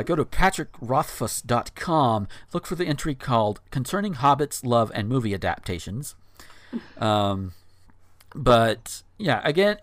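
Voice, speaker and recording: A man's voice: medium pitch, a bit bright, dry recording. A man in his thirties reading a blog post aloud on a podcast, breaking off for incredulous asides with frequent fillers. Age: 30s.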